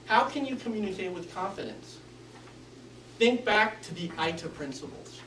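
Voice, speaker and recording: A man's voice: high-pitched, animated, moderate pace, pushed and bright, a little hiss or hum. A man giving a prepared club speech on speaking skills, with varied inflection and an instructive manner. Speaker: Toastmasters speaker. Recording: echoey room, mic from a distance.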